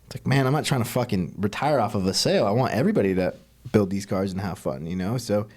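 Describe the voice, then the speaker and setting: A man's voice: fairly low pitch, lively intonation, quick pace, a little mellow. A man hosting a podcast, chatting casually and telling stories with plenty of swearing. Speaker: podcast host.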